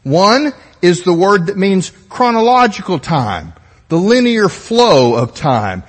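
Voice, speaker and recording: A man preaching a teaching sermon with a high, husky voice that swoops up and down as he explains. His delivery is methodical, with easygoing asides. The sound carries a long reverb from a large church hall. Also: big pitch swings, slow. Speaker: pastor.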